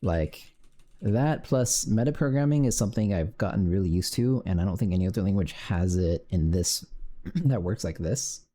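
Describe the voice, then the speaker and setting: A man's voice: deep voice, lively intonation, moderate pace, dark tone. A man streaming his game development, muttering to himself while coding and cursing when things break. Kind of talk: casual live-coding commentary.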